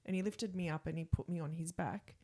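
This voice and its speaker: A woman's voice: fairly low pitch, a little fast, darkish tone. A middle-aged Australian woman, co-hosting a podcast, telling rambling, self-reflective anecdotes in casual chat. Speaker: podcast co-host.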